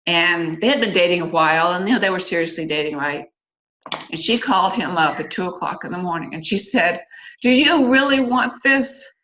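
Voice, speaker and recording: Brisk and forceful, this middle-aged woman has a lowish, bright voice as she hosts a church singles class. She chats candidly and casually with the group, using lots of fillers and asides; the lo-fi recording sounds slightly dull.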